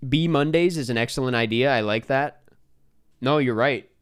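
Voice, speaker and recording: A man streaming a geography guessing game, talking to himself and his chat in an excitable, casual way. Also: medium pitch, normal speed, clear, resonant tone. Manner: excitable, talks to himself while guessing, swears. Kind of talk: casual live gameplay chat.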